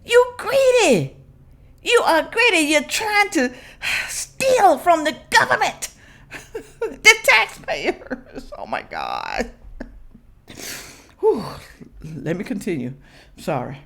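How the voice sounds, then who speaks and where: A woman from Memphis, hosting a reaction video and giving blunt, animated commentary to her viewers. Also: high-pitched, slow pace, gravelly, long pauses. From Memphis, Tennessee. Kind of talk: casual commentary.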